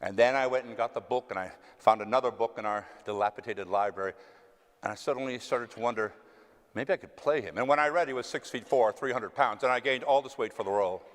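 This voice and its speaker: A man's voice: mid-range voice, quick pace. A man with a Texan accent, an actor telling stories to an audience in a theater, self-mocking and acting out the voices he quotes. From West Texas. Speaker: actor answering audience questions. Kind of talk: casual storytelling Q&A. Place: theater stage. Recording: long hall reverb.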